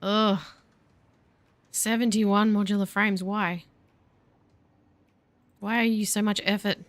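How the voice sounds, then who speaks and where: A woman's voice: mid-range voice, little pitch movement, slow, dry recording. A woman in her thirties chatting casually and with self-mocking sarcasm while streaming a game. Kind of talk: casual live-stream chat while gaming.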